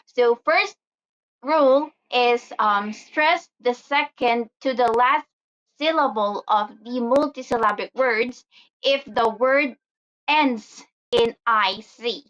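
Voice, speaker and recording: A woman teaching an English lesson, explaining each rule slowly and deliberately with a few fillers. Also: a little high, fairly bright tone. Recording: slightly dull lo-fi audio.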